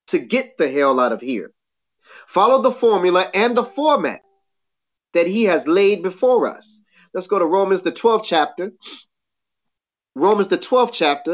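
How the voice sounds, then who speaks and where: Woman preaching over a dull lo-fi recording. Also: lowish voice. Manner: reads scripture slowly, then explains in plain talk. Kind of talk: Bible teaching show.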